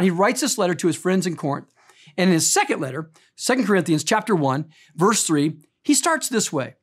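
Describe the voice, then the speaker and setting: A middle-aged pastor delivers a sermon, telling stories with earnest emphasis that builds in intensity before falling to quiet tenderness. His voice sits high.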